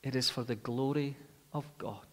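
A man preaching a sermon with dramatic rhetorical questions, rising loud and falling quiet. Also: mid-range voice, moderate pace. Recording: long hall reverb.

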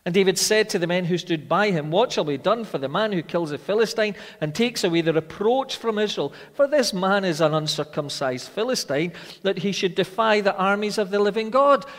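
Preacher in a reverberant hall. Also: male voice, high-pitched, animated, fairly quick, few pauses. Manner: dramatic, swings from loud rhetorical questions to quiet intensity. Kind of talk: sermon.

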